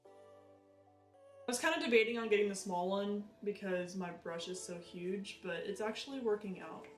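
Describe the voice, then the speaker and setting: A chatty woman talks through her makeup routine in a lively, self-deprecating way. She sounds a little far from the camera mic in an echoey room at home. Faint music plays behind her. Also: mid-range voice, moderate pace. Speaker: beauty vlogger. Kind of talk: casual makeup tutorial chat.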